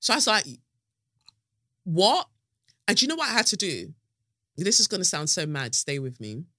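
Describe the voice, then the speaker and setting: A woman hosting a podcast, telling a story in an animated, dramatic way and swearing freely. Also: on the low side, fast, no room sound, studio quality. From United Kingdom. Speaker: podcast host. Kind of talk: casual podcast monologue.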